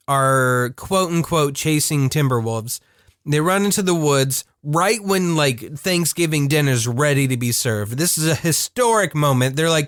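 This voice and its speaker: A man co-hosting a podcast, chatting casually about an old cartoon in a rambling, animated way with frequent laughter. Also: fairly high pitch, dry recording, studio quality. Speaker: podcast co-host. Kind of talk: casual chat reviewing a cartoon.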